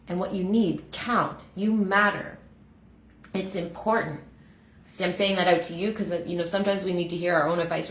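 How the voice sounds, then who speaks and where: A middle-aged woman gives a heartfelt reflection on a daily reading, earnest and a little rambling, with many fillers. Her voice sits fairly low, and the room around her has a noticeable echo. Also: a bit bright. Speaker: energy healer and breath facilitator. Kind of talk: reflective self-help reading and chat. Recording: echoey room.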